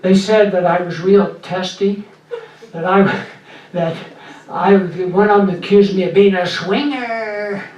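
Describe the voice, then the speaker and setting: Slow older man doing deadpan stand-up. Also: high-pitched, highs cut off. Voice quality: weak, breathy voice after voice surgery. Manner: slow deadpan one-liners with pauses. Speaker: stand-up comedian. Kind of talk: stand-up set. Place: small comedy club. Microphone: handheld mic through a loud PA. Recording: echoey club recorded from far off.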